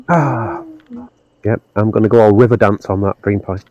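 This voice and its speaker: A man's voice: medium pitch, huge pitch swings, slow, darkish tone, breathy edge, no echo. A man playing a tabletop game, talking playfully in character and teasing the others. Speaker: player. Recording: slightly dull, lo-fi audio.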